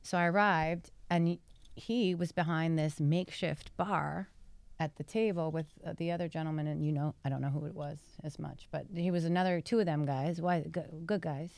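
Low, gravelly woman telling a story. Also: moderate pace, no room sound. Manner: chatty and animated, many "like" fillers. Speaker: guest, behavioral psychology scientist. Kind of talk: casual storytelling on a podcast.

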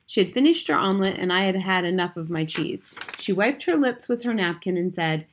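A woman reading a children's novel aloud in a clear, steady storytelling voice. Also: on the low side, normal speed, few pauses. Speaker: audiobook reader.

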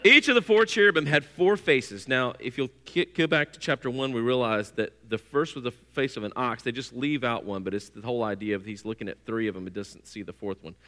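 A middle-aged man, preaching a sermon in a church and telling stories with lively, acted-out voices. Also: medium pitch, brisk, hardly any pauses. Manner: lively storytelling, acts out voices. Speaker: pastor. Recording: long hall reverb.

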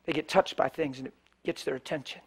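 Male preacher with a high voice, animated sermon storytelling. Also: quick pace, slightly rough. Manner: animated storyteller, swings from hushed to loud.

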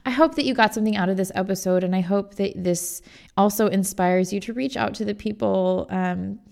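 A young woman talks casually into her own podcast, rambling a little and poking fun at herself. Her voice carries a gravelly fry at the bottom, sitting at an ordinary pitch for a woman. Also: brisk, darkish tone. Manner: rambling and self-deprecating, laughing often. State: tearful and choked up while reading. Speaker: podcast host and songwriting coach. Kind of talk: casual solo podcast talk.

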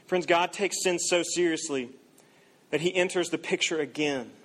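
Young guy preaching, pretty high voice, gets loud then drops real soft. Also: moderate pace. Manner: earnest, rises loud for emphasis then drops very quiet. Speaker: campus minister. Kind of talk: sermon.

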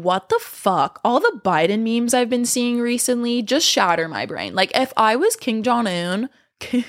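A young adult woman chatting to camera, rambling and profane, out of breath and with a sore throat. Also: on the high side. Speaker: vlogger. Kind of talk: casual chat to camera.

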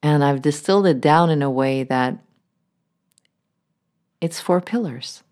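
A woman hosts her own podcast as a healing coach, talking in a gentle, soothing way. Her voice sits low and her delivery is unhurried, with soft near-whispers slipping in now and then. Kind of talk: reflective solo podcast monologue.

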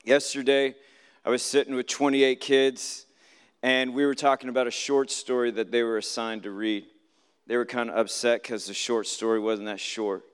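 A man delivers a relaxed, story-driven sermon to a congregation and keeps asking them questions. He slips into the voices of the people in his stories. His voice is smooth and clear, and it rings out in a hall with a long reverb. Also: mid-range voice, moderate pace. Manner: storytelling, acts out quoted voices, asks the audience questions. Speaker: preacher giving a Shabbat teaching.

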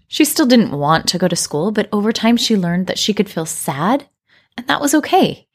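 A woman hosting a parenting podcast, telling a story and explaining in a calm, reflective scripted way. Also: mid-range voice, husky. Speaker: podcast host.

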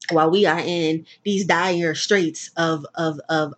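A woman's voice: fairly low pitch, slow. A woman hosting her own podcast, chatting casually and tiredly, rambling and swearing as she tells stories. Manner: profane, rambling, animated storytelling. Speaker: podcast host. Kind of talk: casual solo podcast chat.

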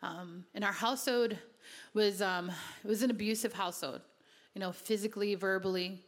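Woman preacher sharing her testimony, earnest and chatty, mid-pitched, long hall reverb. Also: steady tone, normal speed. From Connecticut, USA. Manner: earnest, conversational, many "you know" fillers. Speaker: speaker giving a testimony. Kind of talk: sermon-style personal testimony.

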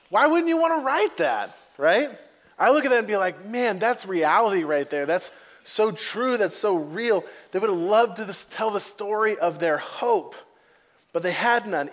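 A male pastor preaching a sermon in a casual, conversational way, acting out quotes in lively voices. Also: high-pitched. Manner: animated, acts out quotes in varied voices.

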